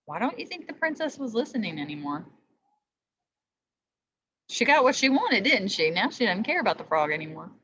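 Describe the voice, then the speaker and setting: Animated teacher reading to children, voice rising and falling; slightly muffled sound. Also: female voice, medium pitch, normal speed, pauses often, a little hiss or hum. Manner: lively, asks the listener questions. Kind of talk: reading a story aloud to children.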